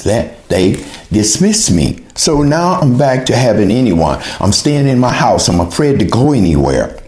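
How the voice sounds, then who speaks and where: A man's voice: on the low side, darkish tone. A man giving an earnest, emotional personal testimony, retelling his own pleas to God in quoted speech. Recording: roomy echo.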